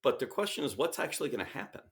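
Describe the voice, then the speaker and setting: A man speaking as an interview guest, emphatic and animated, often switching into quoted voices to make his point. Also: mid-range voice, rapid-fire, gravelly. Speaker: sales expert guest. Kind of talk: conversational interview.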